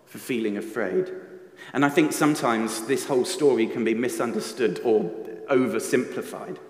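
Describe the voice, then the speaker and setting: Man preaching in a reverberant church. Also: medium pitch. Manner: reflective, asks the listeners questions. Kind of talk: sermon. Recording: echoey church hall reverb.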